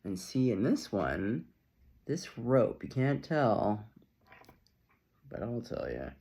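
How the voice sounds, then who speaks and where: A middle-aged man giving a casual, chatty tarot reading to camera, playful and quick to laugh, with lots of asides. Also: medium pitch, very animated, mellow. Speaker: tarot reader.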